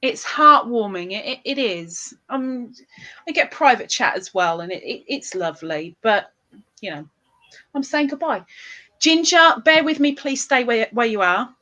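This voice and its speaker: A woman's voice: a little high, expressive, measured pace, bright, forceful tone. A woman hosting a casual livestream chat, giggly and chatty, often laughing. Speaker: livestream host.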